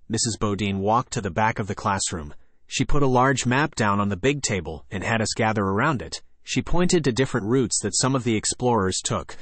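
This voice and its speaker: A man's voice: on the low side, expressive, fairly quick, fairly bright tone, no echo. A man narrating a children's chapter book in first person with playful storytelling. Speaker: audiobook narrator.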